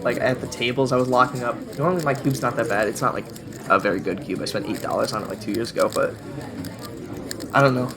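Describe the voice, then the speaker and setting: A man's voice: mid-range voice, steady tone, fast, noisy background. A young man giving casual voice-over commentary, chatty and self-deprecating, often laughing at himself. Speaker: vlogger.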